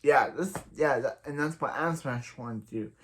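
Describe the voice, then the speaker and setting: A man's voice: mid-range voice, normal speed, noisy background. A man reviewing a TV episode in a casual recap, rambling through scenes and retelling them with lots of filler. He quotes the characters in his own everyday voice. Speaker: TV show reviewer.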